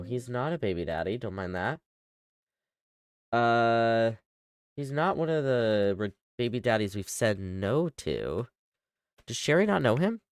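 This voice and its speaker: A livestreamer with a clean, medium-pitched voice offers casual running commentary on a game, chattily ordering the characters around.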